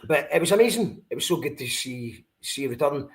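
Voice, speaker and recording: A man's voice: on the high side, expressive. A man with a Scottish accent hosting a podcast, chatting casually and stumbling over his words as he repeats them. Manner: halting, repeats words as he talks. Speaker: podcast host. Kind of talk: casual chat.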